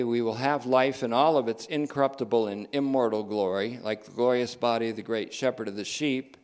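Here a preacher speaks at medium pitch with strong emphasis, repeating his main phrases and letting his speed rise and fall throughout.

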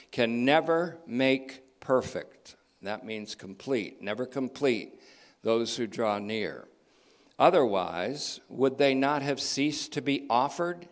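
A man with a fairly low voice teaches scripture verse by verse. He speaks deliberately and with emphasis, often repeating key phrases to drive them home. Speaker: Bible teacher.

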